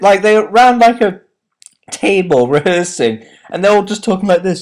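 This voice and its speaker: A man giving a casual spoken film review, rambling with lots of fillers, his voice jumping up high when he is incredulous. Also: lively intonation, normal speed.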